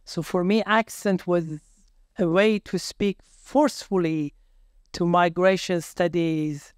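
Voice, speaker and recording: A man speaking as a researcher on a conference panel, halting and searching for words in a measured way. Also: a little high, darkish tone, dry recording, studio quality. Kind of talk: academic panel discussion.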